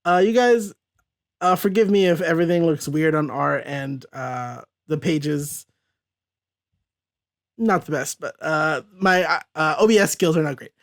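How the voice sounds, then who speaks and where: A man's voice: a little high, animated, a little slow. Upbeat man hosting a comic chat. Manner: chatty, upbeat. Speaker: podcast host. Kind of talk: casual comic book discussion.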